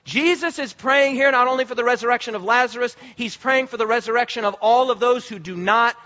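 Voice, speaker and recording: A man preaching a sermon with passion, repeating phrases and rising to shouts for emphasis. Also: extremely high pitch, a little fast, muffled recording.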